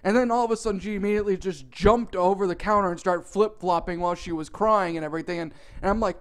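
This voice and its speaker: A man narrating a comic storytime in an animated, profane, exaggerated way. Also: high voice, fast, few pauses.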